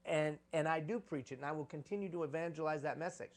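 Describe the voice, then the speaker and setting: A man's voice: fairly high pitch, quick pace. A man giving a live conference talk on leadership, preaching with repeated phrases for emphasis.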